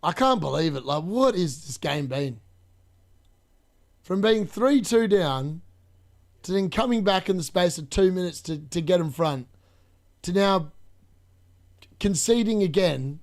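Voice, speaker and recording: Man, young adult, high voice, excitable live match watch-along, laughs a lot. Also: a little slow, pauses often. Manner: excitable, laughs often, talks to chat. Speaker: fantasy football streamer.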